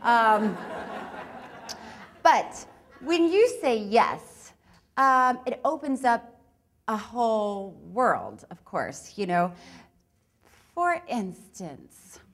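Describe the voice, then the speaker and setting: A woman's voice: on the high side, big pitch swings, drawn-out words, pauses often. A woman giving a live talk on improv, chatty and laughing often between her points. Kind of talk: live talk with audience exercises.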